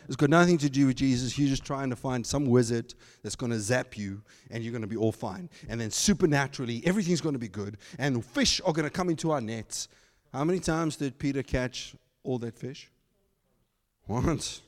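A man preaching a sermon as pastor, animated, slipping into mocking asides in put-on voices. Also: mid-range voice, brisk, in a large hall. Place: church.

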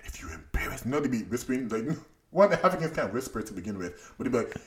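A man's voice: medium pitch, big pitch swings, quick pace, roomy sound. A man co-hosting a podcast, chatting in a playful, teasing way and acting out voices when he tells a story. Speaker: podcast co-host. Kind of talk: casual chat.

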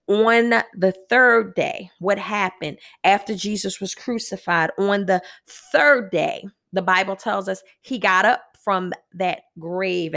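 Woman podcast host, devotional Bible teaching, slow delivery, gravelly voice. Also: medium pitch, a bit bright. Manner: earnest, reads scripture aloud then reflects.

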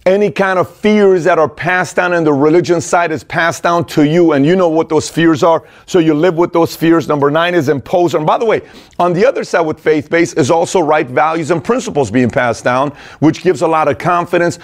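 Brisk and a little high, this middle-aged host's voice carries a casual, energetic direct-to-camera chat, occasionally breaking into raised voices as he imitates parents.

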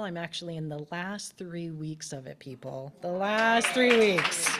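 A woman spiritual director giving a conversational sermon at a spiritual center and asking the congregation questions. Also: lowish voice. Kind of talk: casual sermon. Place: spiritual center, in person and streamed.

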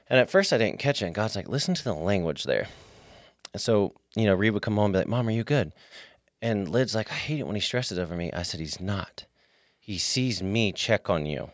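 A man's voice: fairly low pitch, expressive, a little fast, no room sound, clean studio sound. A man telling a family story in a casual faith-based talk, acting out the quotes as he goes.

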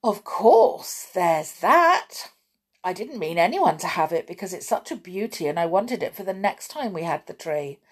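A woman voicing a kindly grown-up lady who hosts a children's party, speaking warmly. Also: lowish voice, big pitch swings, normal speed, slightly rough. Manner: warm, gently surprised.

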